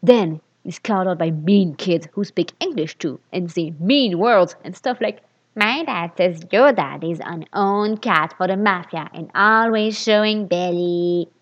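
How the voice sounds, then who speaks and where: A woman's voice: fairly low pitch, unhurried, slightly rough. A woman reading fan fiction aloud, stopping for sarcastic, sweary asides about the text. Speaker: reader. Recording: dull lo-fi recording.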